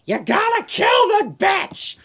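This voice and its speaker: Screeching nasal villain sidekick. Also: male voice, huge pitch swings, vocal fry, faint music behind, heavily acted. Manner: shrill shouting, drawn-out delivery.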